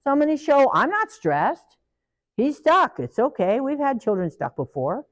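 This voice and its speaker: A middle-aged woman giving a live training talk, lively and acting out the people she quotes. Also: fairly high pitch, normal speed. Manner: animated, acts out parents and children in quoted voices.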